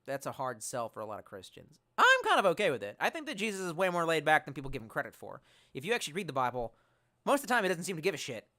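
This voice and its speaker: Forceful, animated male streamer. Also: a little high, racing. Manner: animated and profane, swings between loud outbursts and mumbled asides. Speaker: streamer reading chat. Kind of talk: casual live-stream chat.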